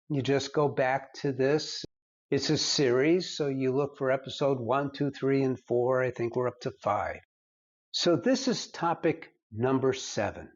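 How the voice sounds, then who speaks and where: Slow, emphatic man giving marriage advice. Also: medium pitch, darkish tone, dull audio. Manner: earnest, emphatic lecturing. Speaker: marriage counselor. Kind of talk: direct-to-camera advice talk.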